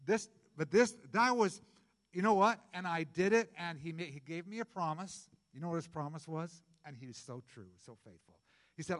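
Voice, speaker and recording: A middle-aged male pastor preaching a sermon in a conversational, jokey way, jumping from loud bursts to soft asides. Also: a little high, moderate pace, in a large hall.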